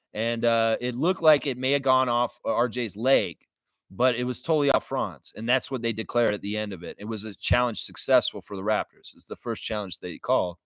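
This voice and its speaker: Animated, profane sports-ranting man. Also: medium pitch, no room sound, studio quality. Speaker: livestream reaction host. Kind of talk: live sports reaction rant.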